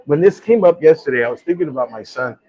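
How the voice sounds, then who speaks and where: A man's voice: a little high, expressive, fast, warm tone, lo-fi sound. A middle-aged man hosting a live talk show, telling a personal story in a rambling, heartfelt way with many restarts. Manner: rambling, repeats words and restarts, emotional. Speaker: host. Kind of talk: casual storytelling chat.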